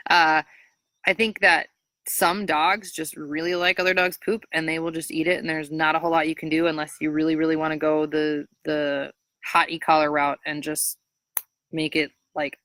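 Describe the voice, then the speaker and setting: A woman dog trainer from Minnesota giving casual, chatty training advice, full of fillers, jumping up high when she imitates praising a dog. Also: normal speed, no room sound. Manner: chatty, frequent fillers, animated high-pitched voice when quoting praise to dogs.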